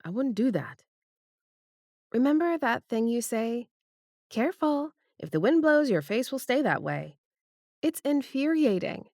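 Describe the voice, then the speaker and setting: Audiobook: woman narrator doing a sassy young frenemy, pitched up, dry booth sound. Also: big pitch swings, unhurried, pauses often, a little mellow, no room sound, heavily acted. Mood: teasing.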